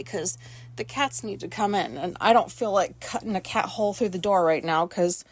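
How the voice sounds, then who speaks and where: A woman in her thirties records a casual personal podcast from her bedroom. She rambles candidly and swears freely. Her voice sits in a middle pitch and comes through a phone. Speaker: podcast host.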